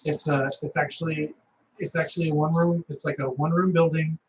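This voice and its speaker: A man's voice: on the high side, little pitch movement, brisk, noisy background. A man running a tabletop game as game master, narrating with many fillers and restarts.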